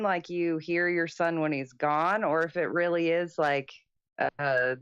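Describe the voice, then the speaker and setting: A woman on a radio panel reflects aloud in an unhurried, musing way, hedging her thoughts. Her voice is deep for a woman and slow-paced. The recording is dry and close. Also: clean tone, no room sound. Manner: reflective and musing, hedges often. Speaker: panel guest. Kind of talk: casual panel discussion.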